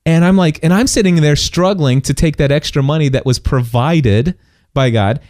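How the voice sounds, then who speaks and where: Storytelling man with a mellow voice. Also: fairly high pitch, normal speed, dry recording, studio quality. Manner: animated storytelling with many restarts and laughs. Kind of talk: casual testimony chat.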